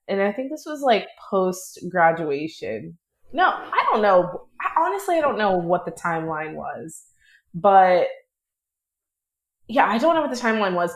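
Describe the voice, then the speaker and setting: A woman co-hosting a podcast, telling a story in a rambling way and correcting herself as she goes. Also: medium pitch. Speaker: podcast co-host. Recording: echoey room.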